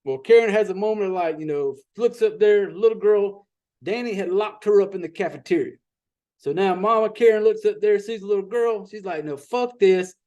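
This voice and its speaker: A man's voice: high-pitched, warm tone. A man giving a casual, profane, rambling recap of a horror film as a podcast host. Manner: rambling, profane, folksy storytelling with quick asides.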